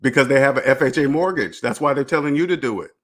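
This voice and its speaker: A man's voice: mid-range voice, quick pace, a bit bright. A man hosting his own personal finance channel, talking straight to the camera in a blunt, preachy way, firing rhetorical questions, swearing casually and laughing briefly. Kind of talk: casual direct-to-camera monologue.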